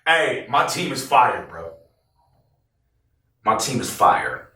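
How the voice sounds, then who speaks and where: Taking his time in a medium-pitched voice, a former team member tells an interview story with blunt language and frequent cursing. He voices other people's lines animatedly, while the roomy echo shows he's far from the mic.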